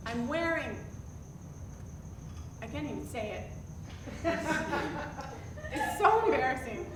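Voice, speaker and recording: A woman telling a personal story to a live audience, animated and self-deprecating. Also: sits high, slow. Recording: roomy, distant mic with background noise.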